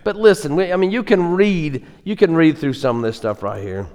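Emphatic preacher in an echoey church. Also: male voice, fairly high pitch, moderate pace, darkish tone. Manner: earnest, emphatic, repeating words as he builds. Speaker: pastor. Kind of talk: sermon. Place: church sanctuary.

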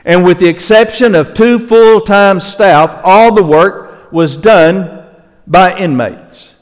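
An older male pastor preaching a sermon earnestly, slowing down for emphasis and dropping softly into prayer. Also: sits high. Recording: long hall reverb.

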